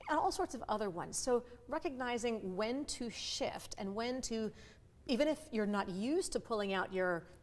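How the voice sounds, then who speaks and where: Middle-aged woman, voice coach, animated and expressive, easy conversational interview tone. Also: fairly high pitch. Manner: animated, with quick vivid asides and playful voices. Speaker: voice and communication coach.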